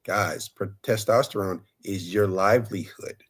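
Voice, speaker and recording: A man with a lowish voice co-hosting a relationship talk show. He talks in a chatty, loose way, restarting phrases as he works through them. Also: measured pace, slightly rough. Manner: chatty, loose, repeats himself mid-sentence. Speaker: co-host.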